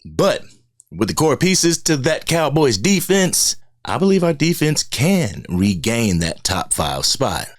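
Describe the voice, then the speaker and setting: A man hosting his own fan commentary video, talking bluntly and casually, with bursts of animated slangy emphasis. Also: medium pitch, slow pace, dry recording, studio quality. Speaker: sports video host.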